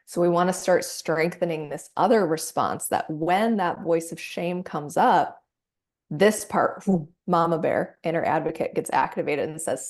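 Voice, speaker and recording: A woman practitioner guiding a client through a somatic coaching session, gentle and encouraging. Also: low voice, a little slow. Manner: gentle, encouraging, acts out inner voices.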